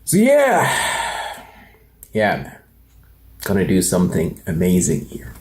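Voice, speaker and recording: A man's voice: low-pitched, wildly swooping pitch, slow, a little mellow, roomy sound. A man in his twenties talking earnestly in a personal vlog, rambling with many fillers and restarts. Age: 20s. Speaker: motivational channel host.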